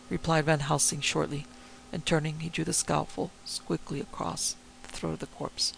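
A man narrating a story in a steady, theatrical manner. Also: fairly high pitch, normal speed, gravelly, low-quality recording. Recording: faint hiss.

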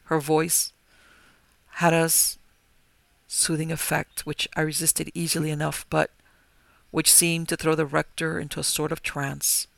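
A man narrating a gothic horror story in a measured, grave manner. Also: on the high side, completely flat delivery, creaky, dry recording. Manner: measured, grave, rising to forceful cries. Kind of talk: dramatic gothic story reading.

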